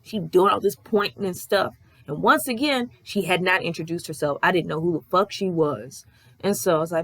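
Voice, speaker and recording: A young woman vlogger telling a story in a casual, animated way, swearing often and ranting in exasperation. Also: on the low side, normal speed, no echo.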